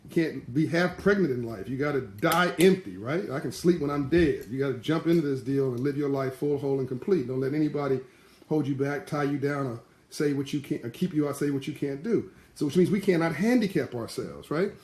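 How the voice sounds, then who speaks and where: A man giving a live-streamed motivational talk in passionate, animated storytelling. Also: mid-range voice, fairly quick, echoey room. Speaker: motivational speaker.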